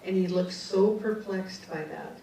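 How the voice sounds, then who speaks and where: A woman's voice: medium pitch, steady tone, measured pace, mellow, a little hiss or hum. A woman giving a storytelling talk to an audience as a psychic speaker, chatting freely with frequent asides and restarts. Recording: distant echoey hall mic.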